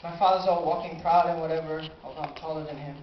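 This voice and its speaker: 18 yo guy doing a live story onstage, animated, roomy echoey sound, kinda dull audio. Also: fairly high pitch, fast talker, a little hiss or hum. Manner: animated, acts out his own reactions. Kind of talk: live personal storytelling on stage. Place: live stage in a small cafe venue.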